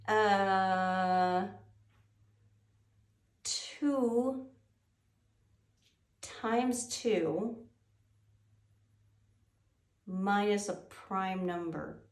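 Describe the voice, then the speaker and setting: A woman's voice: medium pitch, very slow, long pauses. Woman, wildlife educator, playful classroom talk, echoey room, distant mic. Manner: animated, playful, teasing. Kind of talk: lively classroom wildlife presentation.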